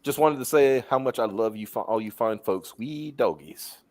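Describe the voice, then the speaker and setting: A man's voice: mid-range voice, fairly quick, a little mellow. A man hosting a live stream, joking casually and reading out viewer super chats over a desk mic. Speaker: livestream host.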